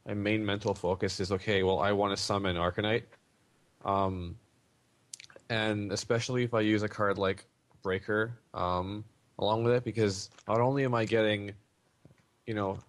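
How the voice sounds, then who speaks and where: A man with a lowish voice chats casually on a podcast about his favorite cards. He talks loosely, stopping and restarting with lots of ums. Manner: rambling, many ums and restarts. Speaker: podcast co-host. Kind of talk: casual card-game chat.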